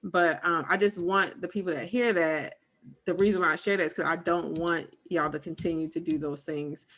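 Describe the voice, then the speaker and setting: A woman in her thirties co-hosting a podcast, telling a personal story in a casual, animated way and acting out what people said. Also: fairly low pitch, normal speed. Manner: animated storyteller, acts out quotes. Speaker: podcast co-host.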